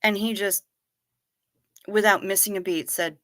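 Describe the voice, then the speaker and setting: A middle-aged woman hosting a livestream, chatting casually, reading viewer comments and telling stories in an animated, direct way. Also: medium pitch, unhurried, no echo. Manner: animated storyteller, talks straight to viewers. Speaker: livestream host.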